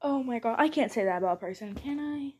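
This young podcast host, at home recording casual solo bloopers, talks fast in a fairly high, slightly rough, darkish voice with lively intonation. She rambles in a scattered, chatty way and constantly stops to begin again.

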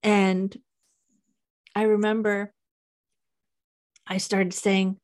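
A young woman hosting a podcast, telling a painful personal story in a halting, emotional confession. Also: medium pitch. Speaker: podcast host.

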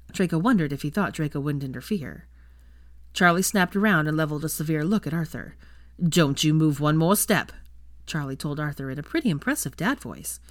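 A woman reading fan fiction aloud as steady audiobook narration. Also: low voice, no room sound, studio quality.

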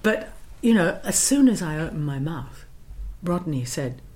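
With a deep voice and a measured pace, this London-born actress shares anecdotes in a relaxed interview. She tells them in a lively way and performs the lines she quotes.

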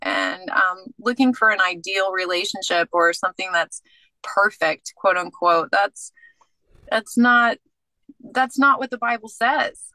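Bright-voiced woman telling her faith story. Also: medium pitch, unhurried, no room sound, rough recording. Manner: animated storyteller who acts out dialogue. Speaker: guest. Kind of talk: casual faith testimony.

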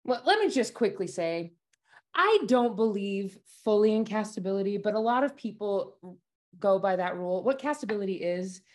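A woman stage actor talking casually as a guest, loud and confident, laughing often. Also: medium pitch, animated, moderate pace. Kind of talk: casual chat.

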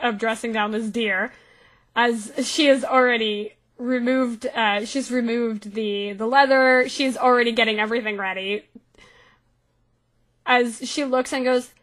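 A woman runs a tabletop game, narrating the action in a loose, casual way full of fillers. Her voice is bright and slightly high. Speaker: game master.

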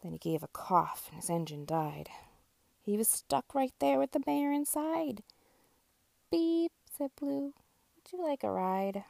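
A mother reading a children's picture book aloud, slow and expressive with a sing-song lilt. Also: medium pitch, creaky, dry recording. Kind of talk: storybook read-aloud.

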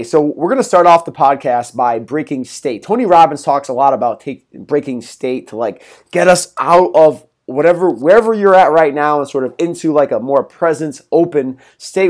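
A man's voice: mid-range voice, darkish tone. A young man hosting his own podcast in a casual solo talk, upbeat and rambling with lots of fillers and laughs. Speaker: podcast host.

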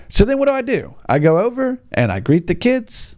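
An exasperated American man, a teacher telling a sarcastic comic rant. His voice sits a little high and swings up and down with lively animation, mocking those he talks about. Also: a little fast, few pauses. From United States. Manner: exasperated, sarcastic, acts out voices of kids and parents. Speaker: English teacher. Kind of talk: stand-up style comic rant.

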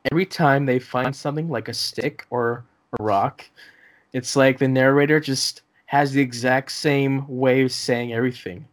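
A young man co-hosting a casual podcast, laughing often and stumbling over restarts. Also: mid-range voice. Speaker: podcast co-host. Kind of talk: casual chat.

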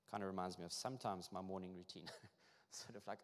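A middle-aged man preaching a sermon in a relaxed, conversational way, correcting himself and reading scripture aloud. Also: sits low, a little fast. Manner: conversational, self-correcting, light chuckles. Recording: reverberant hall.

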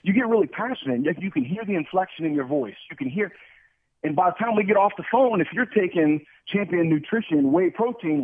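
Fast-talking man on a tinny phone line. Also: high voice, slightly rough, no room sound. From Ohio Valley, USA. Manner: energetic, repeats words, acts out dialogue. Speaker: guest sales expert. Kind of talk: radio talk show call-in. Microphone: telephone.

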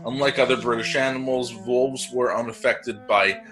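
Give me a man co-hosting a podcast in casual chat, bright-toned and hesitant, with a faint bit of music behind. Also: medium pitch, steady tone, normal speed. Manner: hesitant, joking, with frequent fillers. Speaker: podcast co-host. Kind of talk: casual chat reading out facts.

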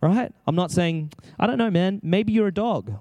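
A man's voice: high voice, normal speed, darkish tone, no room sound, highs cut off. A man preaching an impassioned sermon, exclaiming and acting out prayers as he speaks.

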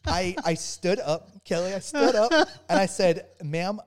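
A man, a former soldier, telling a story as a podcast guest, stumbling over restarts and warming into animated retelling. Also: sits high. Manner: halting, many restarts, grows animated while telling a story. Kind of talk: casual storytelling interview.

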